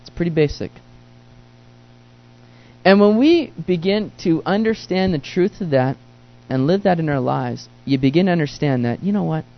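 Pastor, male, high voice, earnest and emphatic sermon delivery, lots of rhetorical questions; muffled lo-fi take. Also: expressive, moderate pace, creaky. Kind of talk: sermon teaching through a Bible book. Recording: dull lo-fi recording.

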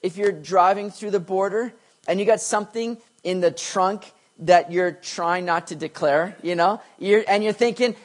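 Animated pastor preaching. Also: male voice, moderate pace. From Canada. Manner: animated storyteller, voice swings from quiet asides to excited high bursts. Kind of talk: sermon.

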